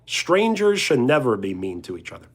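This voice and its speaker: A man's voice: medium pitch, sing-song, moderate pace. A young man casually chatting on a livestream, reading viewer questions and joking around with chuckles. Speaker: livestreamer answering chat. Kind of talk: casual live chat.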